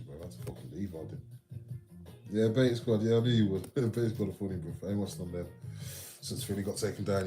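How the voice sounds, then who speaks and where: Brief: deep-voiced man streaming live, crude banter, music playing underneath. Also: mellow, rough recording. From England. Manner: sweary, slangy banter. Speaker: livestream host. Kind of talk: casual livestream chat with viewers.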